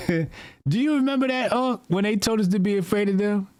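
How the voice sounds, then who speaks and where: Animated mocking man on a podcast. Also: high voice, brisk, clean tone, dry recording. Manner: animated, mocking, mimics others. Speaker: podcast co-host. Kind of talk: casual podcast commentary.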